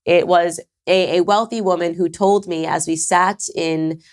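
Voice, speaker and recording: A woman's voice: fairly low pitch, steady tone, unhurried. A woman in her thirties from the United States hosting her own show, talking in an emphatic, conversational way with sarcastic asides. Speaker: podcast host. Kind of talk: casual commentary to camera.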